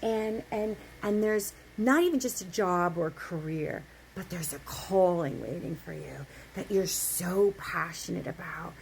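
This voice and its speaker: A woman delivers a spiritual monologue in a fairly high voice. She talks emphatically, circling back on words and tossing in a casual curse or a "right?". There is a faint hiss behind her. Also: darkish tone, rough recording. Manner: emphatic, repeats words, swears casually, says "right?" often. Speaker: spiritual speaker.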